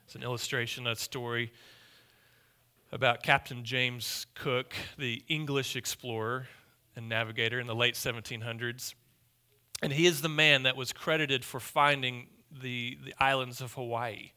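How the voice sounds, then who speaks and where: Bright-voiced emphatic male preacher. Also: mid-range voice, steady tone, moderate pace, clear, resonant tone. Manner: emphatic, repetitive, swings between loud and hushed. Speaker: pastor. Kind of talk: sermon.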